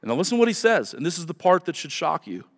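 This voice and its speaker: A man's voice: fairly high pitch, big pitch swings, rapid-fire. A male pastor giving an earnest, emphatic sermon, repeating his key phrases for weight. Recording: long hall reverb.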